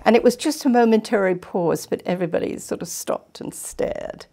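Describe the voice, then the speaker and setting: Older woman from England, guest storyteller, gravelly low dark voice. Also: moderate pace. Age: 70s. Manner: chatty, animated anecdotes. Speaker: guest, retired nurse. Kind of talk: casual storytelling interview. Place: community TV studio.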